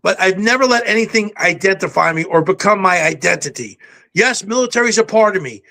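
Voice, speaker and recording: An older man, a podcast guest, telling stories in a brisk, self-assured way. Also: sits high, lively intonation, creaky, bright, forceful tone. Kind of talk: casual podcast chat. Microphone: home setup with a backdrop.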